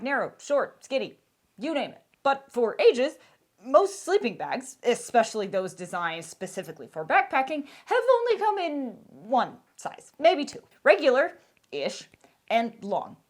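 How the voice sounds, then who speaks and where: A woman's voice: high voice, big pitch swings, measured pace. A woman narrating a scripted outdoor gear review in a candid, wry, emphatic way.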